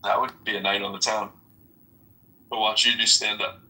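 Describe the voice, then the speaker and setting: A man hosting a casual online chat, talking haltingly and often repeating his words. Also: fairly low pitch, level tone, pushed and bright, far from the mic, rough recording.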